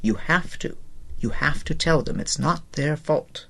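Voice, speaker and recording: A man voicing an older female nurse in an audiobook, gentle and plain-spoken. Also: a little high, unhurried, creaky, full character voice. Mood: gentle firm. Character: older female hospital nurse, kindly but firm. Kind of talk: audiobook character voice.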